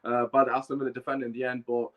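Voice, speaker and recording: A man's voice: medium pitch, level tone, rapid-fire, dull audio. A man hosting a fan podcast, heated and emphatic, repeating his points, with a bad cough. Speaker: podcast host. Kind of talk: live fan podcast rant and chat.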